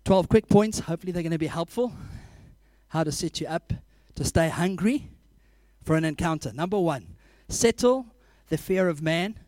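A man preaching a sermon, telling animated stories, laughing often and acting out scenes. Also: on the high side, moderate pace, no echo.

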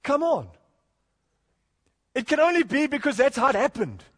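A man's voice: very high voice, sing-song, moderate pace. A man preaching an earnest expository sermon, often rising to emphatic points and chuckling between them. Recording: long hall reverb.

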